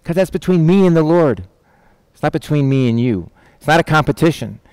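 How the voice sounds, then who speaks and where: A man's voice: expressive, fairly quick, darkish tone, smooth, no echo, poor audio. Folksy, direct male preacher, dry sound. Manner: folksy, direct, acts out voices of disciples with a raised pitch. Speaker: pastor. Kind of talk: conversational sermon with Bible reading.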